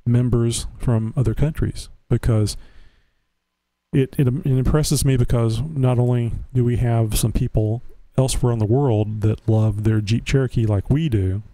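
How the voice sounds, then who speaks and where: A man's voice: medium pitch, fairly even intonation, measured pace, mellow, no room sound. A man hosting a casual live internet show, rambling and restarting his words often. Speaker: host. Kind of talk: casual livestream chat.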